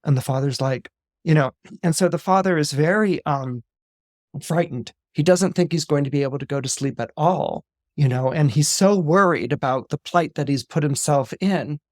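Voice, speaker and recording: A man on a podcast retelling a fairy tale film in an animated storytelling way, with many fillers and restarts. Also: fairly high pitch, normal speed, no echo, studio quality. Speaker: astrologer podcast guest.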